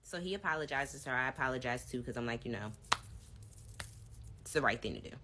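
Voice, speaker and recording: Low-voiced woman telling a storytime. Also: animated, fast, background noise. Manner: chatty, addresses viewers directly. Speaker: vlogger telling her own story. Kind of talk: casual storytime to viewers.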